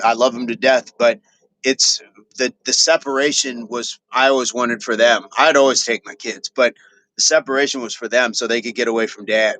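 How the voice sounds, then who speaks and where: A man's voice: medium pitch, sharp tone. A middle-aged man hosting a fitness livestream, chatting casually with viewers and repeating affirmations as he reads their comments.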